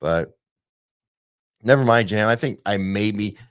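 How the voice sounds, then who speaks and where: A man's voice: fairly low pitch, slow pace, no echo, clean studio sound. A man hosting a casual theme park news podcast, chatty and loose, with plenty of fillers. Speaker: podcast host.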